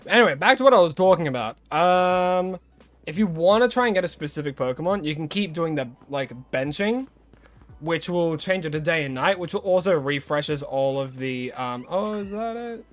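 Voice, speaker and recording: Faint music plays behind this young Australian man as he streams games, greeting viewers and rambling between tips in relaxed live-stream chat. He speaks at a moderate pace in an expressive, high-leaning voice.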